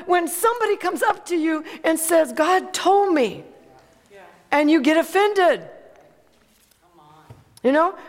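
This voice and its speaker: A woman's voice: high-pitched, big-room sound. A woman preaching a sermon, emphatic and calling out to the congregation for amens.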